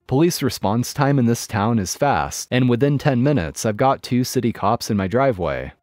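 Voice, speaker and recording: A man narrating a written story in a steady scripted read. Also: mid-range voice, normal speed, no room sound, studio quality.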